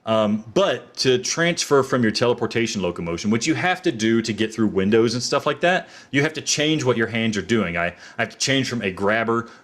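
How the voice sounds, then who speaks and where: A man's voice: medium pitch, animated, brisk, hardly any pauses, a bit bright. A man reviewing a video game in a playful mock-courtroom manner.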